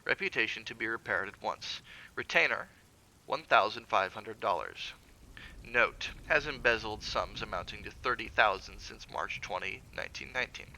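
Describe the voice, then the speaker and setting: A man playing a cold, commanding schemer who reads out a man's record in crisp, imperious tones. The voice is bright and gravelly and often rises into sharp calls. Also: on the low side, moderate pace, slight background noise, rough recording. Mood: cold reading. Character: sinister, commanding older man reading a ledger.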